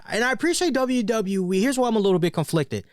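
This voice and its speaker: Animated, joking male wrestling show host. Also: high voice, a little fast, no echo, clean studio sound. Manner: animated and joking, often tags lines with "right?". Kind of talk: casual wrestling review commentary.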